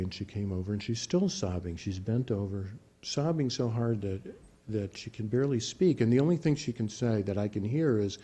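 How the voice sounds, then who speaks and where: A man working as a clinician who teaches relaxation imagery, telling a patient's story in a calm, measured way with frequent restarts. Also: lowish voice, husky. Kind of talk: spoken teaching talk with a case story.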